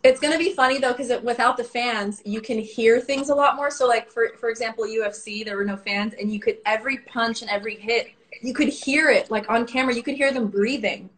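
A young woman hosts a relaxed interview, talking in a chatty way and laughing often. Her voice sits a little high. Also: fairly quick, low-quality recording. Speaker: host. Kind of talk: casual interview chat.

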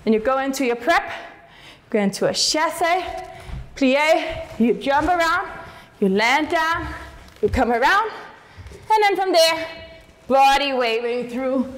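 A woman's voice: high voice, animated, takes it slowly, pauses often, big-room sound. A woman teaching a jazz dance class, calling out each step and counting the moves aloud as she dances. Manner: counts steps aloud while dancing.

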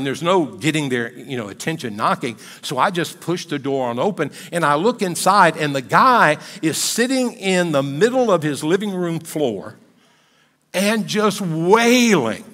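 Older pastor, high voice in a reverberant church. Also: male voice, expressive, measured pace, a bit bright. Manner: conversational, folksy storyteller. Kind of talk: sermon storytelling. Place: church sanctuary. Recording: long hall reverb in a church.

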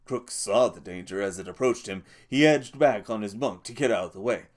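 A man reading an audiobook as narrator in a steady, measured way. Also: fairly low pitch.

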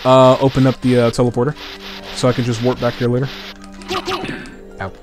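A man's voice: medium pitch, flat delivery, brisk. A man hosting a video game playthrough, chatting casually and rambling with restarts and laughs. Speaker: host. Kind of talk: casual gameplay commentary. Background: game music.

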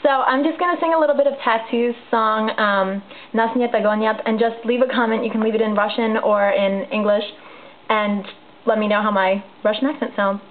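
High-voiced woman chatting to her webcam. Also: fairly even intonation, brisk, narrow, tinny audio, a little hiss or hum. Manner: chatty with fillers like "um" and "like". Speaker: vlogger. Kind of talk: casual vlog talk to camera.

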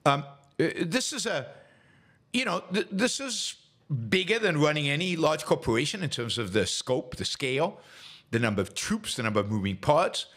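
A man's voice: on the high side, very animated, normal speed, fairly bright tone. A middle-aged man hosting a solo political commentary show, talking scornfully with many restarts and fillers.

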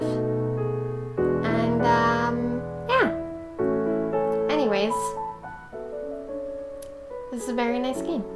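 A woman hosting a gaming channel with a slightly raspy voice, giving playful, rambling let's-play commentary and laughing at herself. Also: mid-range voice.

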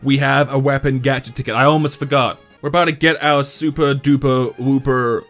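A young man giving casual, excitable commentary over a mobile game, breaking into loud high-pitched outbursts. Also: fairly quick, faint music behind. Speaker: gaming YouTuber.

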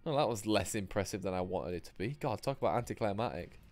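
A man's voice: lowish voice, lively intonation, fast talker, darkish tone, faint music behind. A man giving sweary, rambling, self-mocking commentary while streaming a game live. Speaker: gaming streamer.

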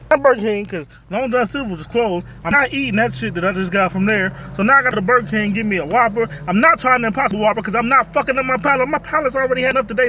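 A man's voice: high-pitched, bright, forceful tone, a little hiss or hum. A man doing a casual food review vlog from his car, talking bluntly and profanely as he rants about the food.

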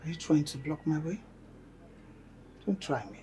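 A woman's voice: deep voice, normal speed, dark tone, breathy edge. A middle-aged woman playing a stern, domineering mother who lectures firmly in formal wording.

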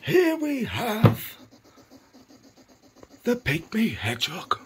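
A man putting on the voice of a male nature documentary narrator, measured and hushed. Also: high-pitched, wildly swooping pitch, slight background noise, pitched above the performer's own voice, heavily acted. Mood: mock-serious. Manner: measured, hushed wildlife commentary.

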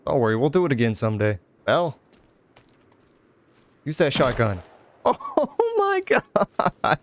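A young man giving casual let's-play commentary, excitable, exclaiming and chatting to an in-game companion. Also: medium pitch, normal speed, slight background noise. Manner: excitable, talks to companion character, frequent laughs and exclamations. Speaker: gaming channel host.

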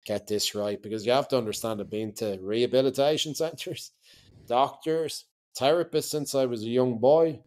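A man's voice: lowish voice, a little mellow. A man, a podcast guest telling his own story bluntly, swearing and laughing through it. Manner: blunt, profane, laughs while telling hard stories. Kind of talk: candid conversational storytelling.

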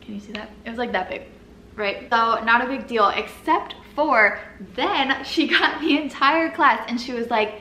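In an echoey room with faint noise, a young woman vlogger recounts a personal story, chatty and casual, leaning on "like" and nervous little laughs. Her voice is on the high side and sharp, at a moderate pace.

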